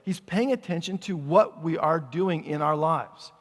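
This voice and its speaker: A man's voice: on the high side, measured pace, big-room sound. A male pastor preaching a sermon in a conversational way, asking the congregation questions as he goes.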